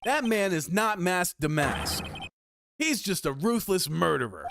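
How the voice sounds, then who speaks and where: A man's voice: sits high, sing-song, a little slow, creaky, pitched above the performer's own voice, heavily acted. A man doing an earnest young lawyer. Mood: urgent. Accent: Canadian. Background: game music.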